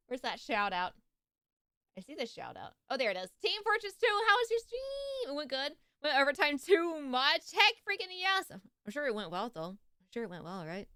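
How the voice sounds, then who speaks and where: A woman's voice: high voice, very animated, moderate pace, sharp tone, no echo, studio quality. A young woman on a live stream, chatting casually and giggling as she greets viewers and reacts to videos.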